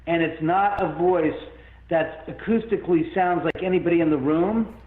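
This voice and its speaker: A man telling a long story as an interview guest, rambling and animated, with many restarts. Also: a little high, moderate pace. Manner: rambling, animated, full of restarts and self-quotes. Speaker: guest, haunted-house owner. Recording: phone-like line in an echoey room.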